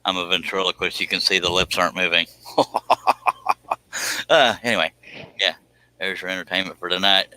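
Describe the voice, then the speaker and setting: A man's voice: low-pitched, steady tone, moderate pace, long pauses, sharp tone, dry recording, low-quality recording. A man, hosting a casual livestream, joking around and reading viewer comments aloud. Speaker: livestream host.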